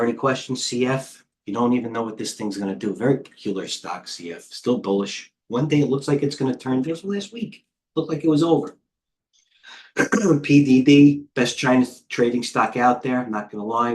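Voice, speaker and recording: A middle-aged man coaching traders, talking in a quick, scattered way and thinking out loud with lots of asides. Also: mid-range voice. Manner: rapid, scattered thinking aloud with many asides. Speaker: trading coach and host. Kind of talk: live market commentary.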